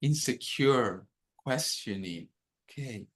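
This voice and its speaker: Speaking at medium pitch with lively intonation, a man leads a dharma workshop by video call. He takes his time walking the group through an exercise, often pausing to ask "okay?"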